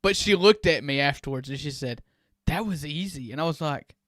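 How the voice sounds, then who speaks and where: A man, co-hosting a sports podcast and telling stories in an animated way with frequent chuckles. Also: a little high, a little fast, dry recording, studio quality. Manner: animated storyteller, chuckles often. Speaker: sports show co-host. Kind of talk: casual podcast chat.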